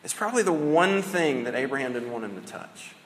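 A man preaching a sermon in a casual, conversational way. He often tags his points with "right?" and slows down to stress key phrases. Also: medium pitch, animated, fairly bright tone, a little hiss or hum. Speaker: pastor. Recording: long hall reverb with faint ambience.

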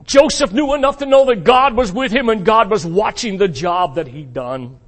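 A man preaching a sermon to his congregation, emphatic and asking them rhetorical questions, swinging between loud peaks and quiet asides. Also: sits high, lively intonation, moderate pace. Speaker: pastor.

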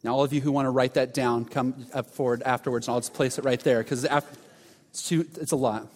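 A man preaching a sermon as pastor, telling a story with sudden drops into a hushed voice. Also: mid-range voice, steady tone, a little fast. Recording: reverberant hall.

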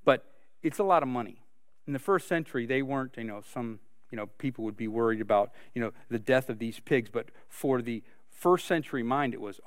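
A man's voice: mid-range voice, a little fast, no echo, clean studio sound. A man preaching a sermon, earnest and full of rhetorical questions. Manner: earnest, asks rhetorical questions, many restarts. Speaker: pastor.

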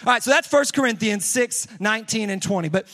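A young adult man, a youth pastor, preaching a casual, energetic sermon to teenagers and leading call-and-response. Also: high-pitched, fairly quick.

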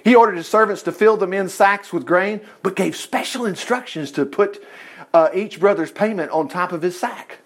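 A man reading a Bible story aloud and breaking in with folksy, animated commentary to his listeners. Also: high voice, moderate pace. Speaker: Bible teacher.

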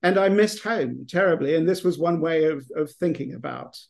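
A middle-aged English man, an author appearing as a podcast guest in an interview, gives long, winding answers full of restarts and fillers. His voice is fairly high for a man and creaky, and he speaks at normal speed.

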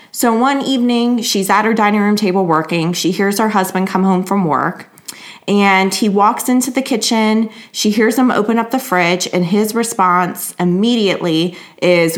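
A woman's voice: medium pitch, a bit bright. Woman host, casual monologue, blunt and profane, laughs between points. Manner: frank, profane, laughs often.

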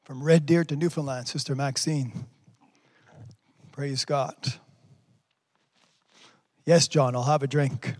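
A man's voice: medium pitch, fairly even intonation, takes it slowly, long pauses. A man preaching a livestreamed sermon, fervently reading out viewers' comments and exclaiming praise between them. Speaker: pastor.

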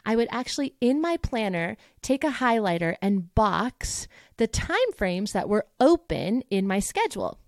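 A woman's voice: medium pitch, sing-song, measured pace, darkish tone, dry recording, studio quality. A woman hosting a podcast as a voice teacher, talking in a casual, upbeat and motivational way and acting out the thoughts she quotes. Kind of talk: casual solo podcast talk.

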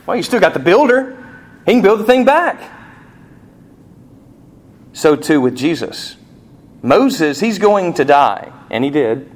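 Animated male preacher, fairly high voice. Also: a little slow, long pauses. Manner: animated preaching, rising emphasis and rhetorical questions. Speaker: pastor. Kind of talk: sermon.

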